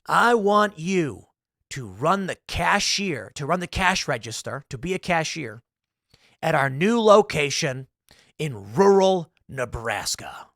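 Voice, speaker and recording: A man voicing a male corporate recruiter on a phone call who makes a job offer in a slow, drawn-out, lower voice. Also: very animated, creaky, fairly bright tone, no room sound, studio quality, heavily acted. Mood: salesy.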